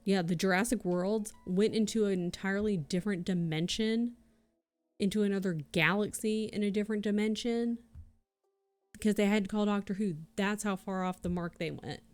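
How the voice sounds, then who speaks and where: A woman streamer in loose, unscripted chat, ranting and swearing as she goes. Her voice sits at an ordinary middle pitch for a woman. Soft music plays faintly behind her. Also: steady tone, normal speed. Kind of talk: casual livestream chat.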